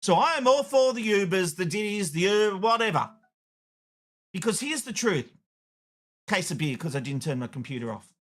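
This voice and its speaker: A man's voice: high voice, big pitch swings, moderate pace, long pauses, fairly bright tone. A middle-aged Australian man hosting a TV show, delivering a blunt opinion rant and telling a story with acted-out dialogue. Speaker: TV host.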